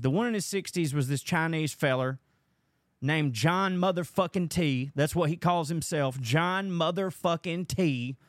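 A man's voice: a little high, dry recording, studio quality. Profane man telling a story. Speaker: podcast host. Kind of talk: casual monologue.

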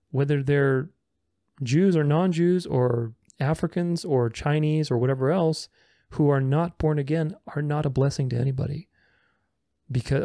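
A man's voice: fairly high pitch, gravelly, dark tone, no room sound, studio quality. A man giving casual video commentary, reading viewer comments aloud and rebutting them in a sarcastic, argumentative way. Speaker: religious commentator responding to comments.

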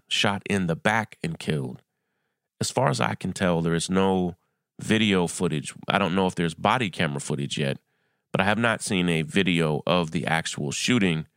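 Low gravelly guy doing his podcast, earnest, hammers points by repeating, dry close mic. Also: no echo. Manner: earnest, emphatic, repeats phrases for stress. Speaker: podcast host. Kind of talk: solo commentary podcast.

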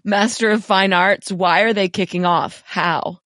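A woman's voice: medium pitch, fairly even intonation, unhurried, fairly bright tone, no room sound, clean studio sound. A woman co-hosting a podcast, reading listener letters aloud with wry, blunt asides. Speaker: podcast co-host.

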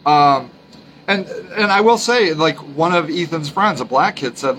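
A man's voice: a little high, lively intonation, a bit bright, a little hiss or hum, poor audio. Emphatic man in a solo podcast monologue. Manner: earnest, emphatic, repeats his points; halting, frequent restarts. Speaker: podcast host.

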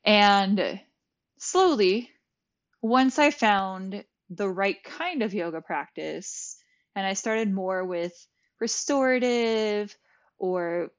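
A woman's voice: medium pitch, drawn-out words. A young adult woman and yoga teacher, talking as a podcast guest, telling her story candidly with lots of "like". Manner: candid, frequent "like", acts out her own past thoughts. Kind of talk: conversational storytelling.

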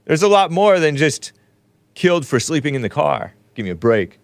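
A man's voice: on the high side, very animated, moderate pace, vocal fry, dry recording. A man in his forties hosting a show, giving casual, wry commentary on news clips with sarcastic asides. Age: 40s. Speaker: host.

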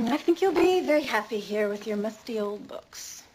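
An actress playing a confident, calm woman teacher versed in the occult, in a TV drama clip. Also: a little high, normal speed, natural voice. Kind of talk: TV drama acting. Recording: noisy TV clip.

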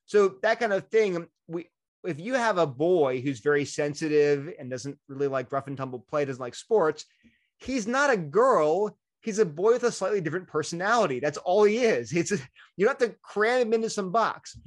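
Animated man with a lifted voice. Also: high-pitched, normal speed. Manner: animated, acts out quoted voices. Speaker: guest speaker. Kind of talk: conversational interview answer.

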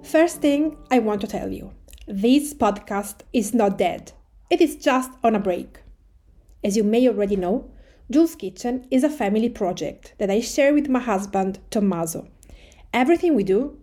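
A Tuscan-born woman with an Italian accent, a native Italian speaker, hosting her podcast and talking to listeners in a calm, conversational, measured way. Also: medium pitch. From Tuscany, Italy. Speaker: podcast host and food writer. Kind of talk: personal podcast address.

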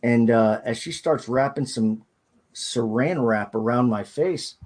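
Husky-voiced man telling a hard story. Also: medium pitch, a little mellow. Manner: halting, hesitant recounting with frequent restarts. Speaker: podcast guest. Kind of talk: personal storytelling in an interview.

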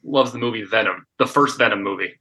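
A man's voice: on the low side, fast talker, bright, forceful tone. A man in his forties, a comic artist guest on a podcast, talking candidly and emotionally, swearing freely and restarting his sentences often. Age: 40s. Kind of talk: casual podcast chat.

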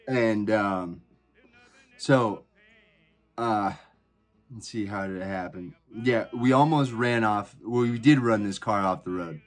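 A man's voice: on the low side, slow, pauses often, faint music behind. A man hosting a podcast, telling a personal story in a rambling, profane way full of fillers and restarts. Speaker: podcast host. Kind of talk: casual storytelling.

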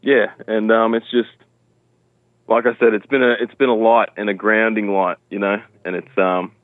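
An Australian man calling in to a show, talking in a halting, grateful and easygoing way over a phone line. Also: lowish voice, little pitch movement, dry recording. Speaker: caller. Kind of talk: phone-in chat.

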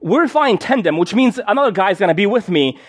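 Casting: young male preacher, high voice, loose conversational sermon full of "you know" and "right?". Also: expressive, fairly quick. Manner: casual, chatty, many fillers and restarts. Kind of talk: live sermon with personal story.

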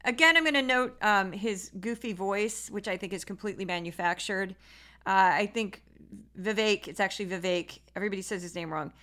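A woman's voice: mid-range voice, fairly quick, pushed and bright. A woman hosting a podcast, giving casual, sarcastic political commentary full of fillers. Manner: opinionated, sarcastic, with frequent fillers. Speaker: podcast host.

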